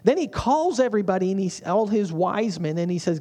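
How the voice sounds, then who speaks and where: A man's voice: high-pitched, expressive, a little fast, few pauses, warm tone. A man preaching a sermon as a pastor, in a humorous, conversational way.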